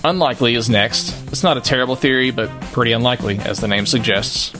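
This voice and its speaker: A man co-hosting a podcast, calmly explaining in casual chat. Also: mid-range voice, fast talker, music in the background. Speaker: podcast co-host.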